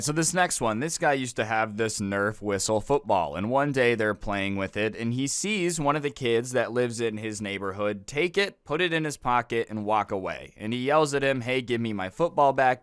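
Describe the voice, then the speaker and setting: A man's voice: mid-range voice, a bit bright, clean tone, no echo. Brief: young male storytime narrator, chatty and incredulous; clean, dry close-mic voice. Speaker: storytime YouTuber.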